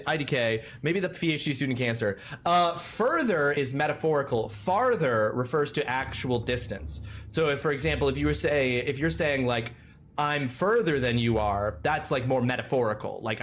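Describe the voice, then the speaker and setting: A man streaming a video game, chatting casually with animated, rambling asides. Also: medium pitch, a little hiss or hum.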